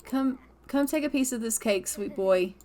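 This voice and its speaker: Her voice sits high and has a darkish tone, with a little hiss or hum in the recording and a moderate pace. This woman runs a gaming channel and, in a laid-back let's-play, scolds her characters in exasperation while speaking their thoughts for them as quoted lines.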